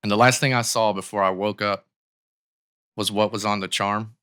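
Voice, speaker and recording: A man with a slightly low, bright and clear voice tells a story in a casual podcast interview. He talks loosely, full of likes and restarts, into a studio microphone. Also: fairly even intonation, moderate pace. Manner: conversational, with many likes and restarts. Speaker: podcast guest.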